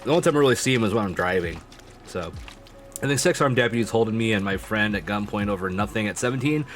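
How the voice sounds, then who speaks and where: A man's voice: fairly low pitch, lively intonation, fast talker, soft background music. A man streaming live, chatting casually with his viewers, swearing freely and laughing often.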